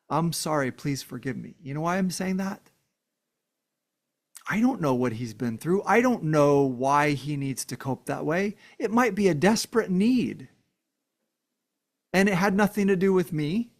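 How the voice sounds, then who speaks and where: Earnest man talking straight to viewers. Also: on the high side. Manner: earnest, emphatic, addresses viewers directly. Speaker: vlogger. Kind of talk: casual heartfelt monologue to camera.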